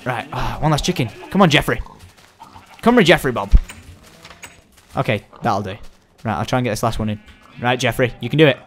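A young man giving excitable, rambling let's-play commentary, coaxing and shouting at the game. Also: medium pitch, moderate pace, pauses often, soft background music. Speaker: gaming video host.

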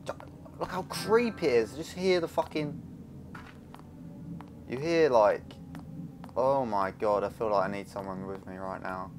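A man's voice: fairly low pitch, a little slow, pauses often, noisy background. A young man, commentating nervously and swearing while playing a horror game from a small room. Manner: nervous, swearing, rambling, jumpy. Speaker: gaming youtuber. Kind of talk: casual let's play commentary.

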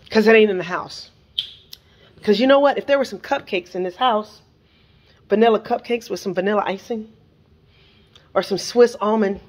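A woman's voice: a little high, a little hiss or hum. Exasperated woman ranting at home. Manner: animated, exasperated, lots of rhetorical questions. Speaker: vlogger. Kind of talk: casual vlog rant. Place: home kitchen.

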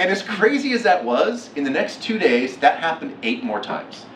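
A middle-aged man giving a keynote talk, telling a story with lively acted-out quotes. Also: fairly high pitch, normal speed, a little hiss or hum. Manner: animated, acts out quotes with laughs. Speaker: keynote speaker. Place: lecture hall. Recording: echoey hall from far off.

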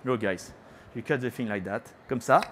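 Playful chef with a French accent. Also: male voice, mid-range voice, normal speed, a bit bright, slight background noise. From France. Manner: chatty and playful, teasing the audience, sprinkling in French words. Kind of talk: live cooking demonstration. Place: cooking stage at a trade show.

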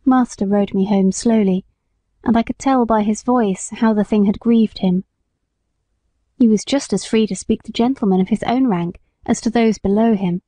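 A woman narrating a classic novel in a calm, measured storytelling manner. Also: medium pitch, no echo. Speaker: audiobook narrator. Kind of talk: scripted narration.

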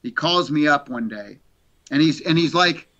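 Give me a middle-aged man telling animated stories in a casual interview, with a bright, slightly high voice. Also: moderate pace, lo-fi sound. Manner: animated storyteller, repeats words. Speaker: guest.

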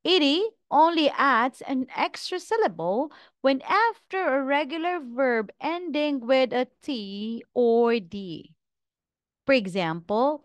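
A woman teaching English pronunciation, drilling words one at a time in a slow, deliberate way. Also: a little high, expressive, no room sound, studio quality.

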